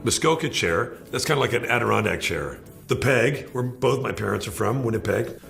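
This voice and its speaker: Gravelly laid-back Canadian man. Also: medium pitch, animated, moderate pace, a bit bright, faint music behind. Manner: laid-back, jokey, folksy. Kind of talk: explaining slang in a clip.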